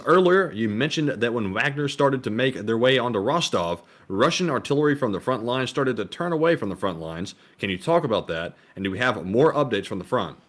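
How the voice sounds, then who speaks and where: A man co-hosts a casual livestream chat, reading viewers' donation messages aloud. His delivery is relaxed and steady, at a middling pitch.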